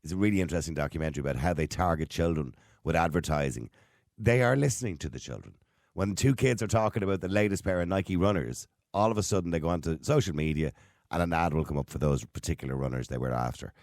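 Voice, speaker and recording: Fast-talking Irish radio host, man. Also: deep voice, no echo, studio quality. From Ireland. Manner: animated, talks fast and quickly takes calls. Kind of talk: radio phone-in chat. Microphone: studio mic.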